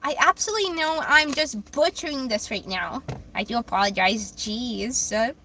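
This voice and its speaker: A woman's voice: a little high, normal speed, pushed and bright, slight background noise. A young woman reading tarot on a livestream, chatting casually through comments and stumbling over words. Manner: rambling, self-deprecating, stumbles over words.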